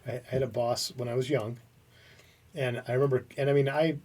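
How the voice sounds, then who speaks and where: A man in his fifties hosting a casual podcast and telling an animated workplace story with frequent restarts. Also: mid-range voice, brisk, far from the mic. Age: 50s. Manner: animated anecdote teller with many restarts. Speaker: podcast host.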